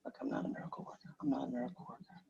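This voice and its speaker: A man rehearsing script lines aloud, repeating each line in a gentle counseling tone. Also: rapid-fire. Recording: dull lo-fi recording, faint background noise.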